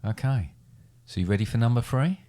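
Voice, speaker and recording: A man's voice: mid-range voice, animated, fairly quick, dark tone. A middle-aged man hosting a casual family podcast, running a quiz with playful game-show build-up. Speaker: podcast host, quiz master.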